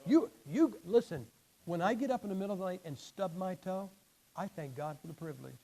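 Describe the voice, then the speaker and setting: Older guy preaching, kinda high voice, blunt and folksy, vocal cords shot so he runs out of air. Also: animated, brisk, vocal fry, dark tone, poor audio. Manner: blunt, folksy, emphatic preaching with many restarts. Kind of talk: sermon.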